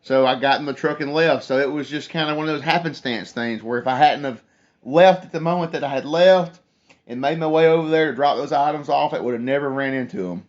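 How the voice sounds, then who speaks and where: A young man with a drawl chats away on a live phone stream, his voice pitched slightly high for a man. He wanders through a long anecdote, stopping to read out viewers' comments. The sound is muffled and lo-fi, as from a phone. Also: fairly quick. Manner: rambling storyteller, reads chat aloud. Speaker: livestream host. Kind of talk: casual live chat with viewers. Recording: dull lo-fi phone stream audio.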